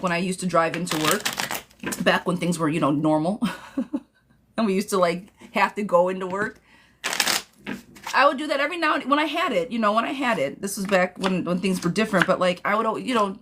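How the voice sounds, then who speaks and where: A woman hosting a live-stream tarot reading, talking bluntly and sassily to viewers and calling them girlfriend. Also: background noise. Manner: bursts into high excited gushing.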